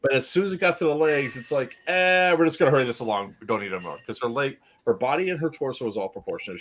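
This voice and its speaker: A man in casual chat, telling a story with energy and acting out the people in it. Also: mid-range voice. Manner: animated, acts out the people in his story.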